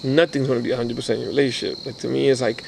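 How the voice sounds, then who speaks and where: A man's voice: medium pitch, very fast, vocal fry, a little hiss or hum, low-quality recording. A man co-hosting a relationship podcast in casual chat, telling stories and acting out other people's voices. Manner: animated storyteller acting out quoted voices. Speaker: podcast co-host.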